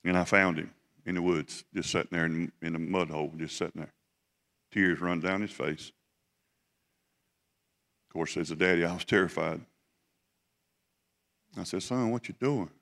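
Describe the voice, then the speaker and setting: Deep-voiced preacher telling a story. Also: male voice, a bit bright. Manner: folksy, halting, with many restarts. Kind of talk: sermon storytelling.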